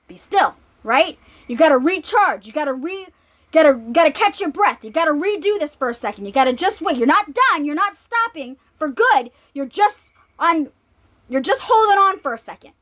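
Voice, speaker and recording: A woman preaching in a loose, conversational way, with a very high voice that swings up and down. She repeats herself, restarts her sentences and keeps checking in with her listeners. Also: animated, moderate pace, fairly bright tone. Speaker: ministry speaker. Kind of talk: informal sermon.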